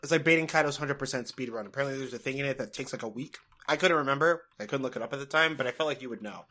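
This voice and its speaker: A man's voice: mid-range voice, very fast. A man co-hosting a podcast in casual, rambling chat, swearing freely. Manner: rambling, swears freely, bursts into loud laughter. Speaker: podcast co-host.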